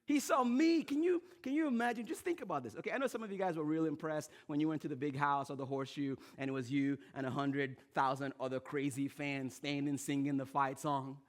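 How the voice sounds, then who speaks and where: A man with an American accent preaching a casual, animated sermon, moving from loud excitement to hushed intensity. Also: a little high, brisk, few pauses. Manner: casual, uses pop culture and slang. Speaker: pastor.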